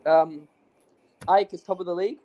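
A man's voice: sits high, fairly even intonation, moderate pace, warm tone, lo-fi sound. A man chatting on a live stream over a video call, hesitant and filling his sentences with um. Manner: hesitant, fills with um. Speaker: regular panel guest. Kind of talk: casual live-stream chat.

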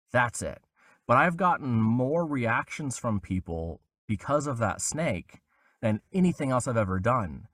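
A young man tells a lively story as a podcast guest. His pitch swings widely as he puts on the voices of the people he quotes. The sound is dry and close, with no room around it. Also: no echo. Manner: animated, acts out quoted voices with big pitch jumps. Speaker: voice actor guest. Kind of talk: casual storytelling interview.

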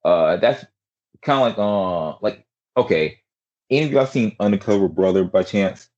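Low-voiced guy hosting a chill podcast, lots of uhs and likes, muffled lo-fi call sound. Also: expressive, moderate pace, darkish tone. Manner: rambling, many fillers and restarts. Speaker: podcast host. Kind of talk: casual chat.

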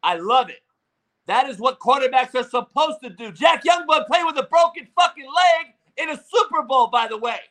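A man ranting in profane, combative sports talk, with shouting bursts. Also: very high voice, animated, moderate pace. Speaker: sports commentator.

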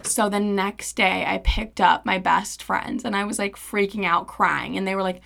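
A young woman hosting a podcast, telling a story in casual, animated, profane chat and acting out the quoted dialogue. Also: mid-range voice, brisk, gravelly. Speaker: podcast host.

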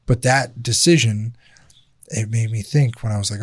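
A man's voice: medium pitch, moderate pace, breathy edge, no room sound, clean studio sound. A man hosting a casual podcast chat, talking bluntly and candidly with plenty of swearing. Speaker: podcast host.

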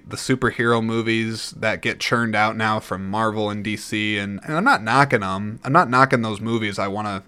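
A man hosting a casual solo movie-review podcast, rambling and chatty, with frequent throat clearing and restarts. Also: on the low side, fairly bright tone. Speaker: podcast host.

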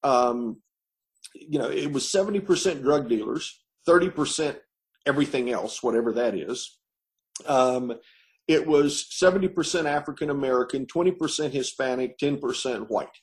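A man as an interview guest, telling his story in a rambling, halting way with many pauses. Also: medium pitch, expressive. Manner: rambling, halting with many ums and repeated words. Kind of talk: casual storytelling.

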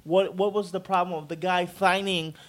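A man co-hosting a podcast, talking in an excitable, laughing, profane way. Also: high-pitched, moderate pace. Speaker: podcast co-host. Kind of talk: casual podcast chat.

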